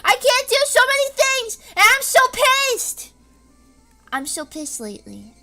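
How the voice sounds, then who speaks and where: A woman's voice: very high-pitched, sing-song, moderate pace, bright, forceful tone, soft background music. A woman streaming casually from home, rambling in an erratic way and breaking into screams and laughs. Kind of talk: casual live-stream chat.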